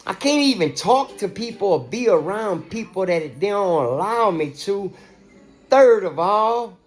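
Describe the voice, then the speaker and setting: A man's voice: high-pitched, lively intonation, measured pace, soft background music. A man in an agitated, profane and repetitive rant, talking straight to his viewers. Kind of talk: ranting monologue to camera.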